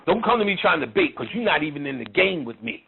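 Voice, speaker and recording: Man, high voice, blunt mocking lecture, heavy profanity, tinny phone-like sound. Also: sing-song, fast talker, creaky, slightly rough. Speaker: lecturer on occult and spiritual topics. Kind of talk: profane, ranting spiritual lecture. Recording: tinny phone-like line with faint noise.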